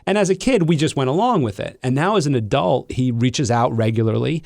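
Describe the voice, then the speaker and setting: Male podcast host, middle-aged, gravelly low voice, dry sound, thoughtful and rambling. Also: lively intonation, brisk, a little mellow, dry recording. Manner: reflective, frequent restarts and fillers. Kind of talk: casual interview conversation.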